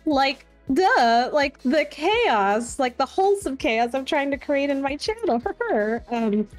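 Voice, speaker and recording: A woman's voice: high voice, lively intonation, measured pace, faint music behind. A woman guest on a podcast, chatting casually and laughing often as she tells a story, with many fillers. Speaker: guest streamer and artist.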